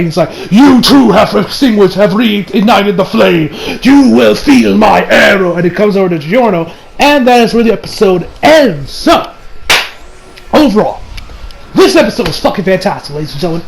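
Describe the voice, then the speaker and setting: Male reviewer with a high voice: casual, rambling, full of fillers and restarts. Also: a little mellow, slight background noise, rough recording. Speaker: anime reviewer. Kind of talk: casual episode recap.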